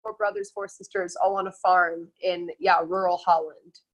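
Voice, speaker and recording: A woman guest in a casual chat, telling family stories in an animated way and laughing often. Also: on the low side, normal speed, rough recording.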